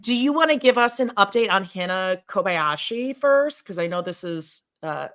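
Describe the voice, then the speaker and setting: A woman's voice: medium pitch, expressive, normal speed, a bit bright. A woman co-hosting a casual podcast chat, mostly listening with short supportive reactions and dry teasing questions. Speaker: podcast co-host.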